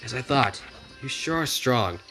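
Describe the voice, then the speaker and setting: Ein Mann liest einen sanften, seltsamen jungen Mann. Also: male voice, medium pitch, animated, a little slow, pushed and bright, faint music behind. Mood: earnest.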